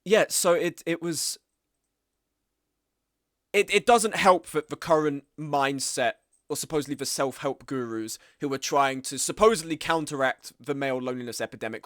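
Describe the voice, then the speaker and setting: A man, streaming and chatting casually, animated and blunt, with frequent swearing and mimicking of others. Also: no room sound, studio quality. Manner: animated, swearing, acts out quoted people in higher voices. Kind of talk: casual live-stream commentary.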